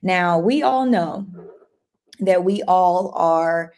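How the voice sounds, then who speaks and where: Excitable woman hosting a livestream. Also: lowish voice, drawn-out words. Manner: excitable, upbeat, restarts and repeats herself. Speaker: livestream host. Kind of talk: casual motivational livestream talk.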